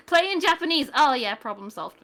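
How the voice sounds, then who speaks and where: A young British woman streaming a game, chatting in an excitable, exclamatory way with quick asides. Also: high voice, slight background noise. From Britain. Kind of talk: casual chat while gaming.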